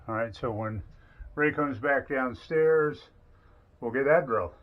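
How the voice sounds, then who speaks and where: A man's voice: medium pitch, a little slow. A man co-hosting a home remodeling video, explaining electrical work in a plainspoken, casual way. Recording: echoey, dull room sound.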